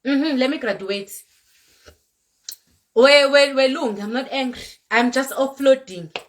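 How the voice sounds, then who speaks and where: A woman's voice: sits high, measured pace. A young woman from South Africa speaks with a South African accent, talking straight to camera in an emphatic, lecturing way. She keeps going back to the same points and drops in the odd Zulu word. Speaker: content creator. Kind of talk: direct-to-camera rant vlog.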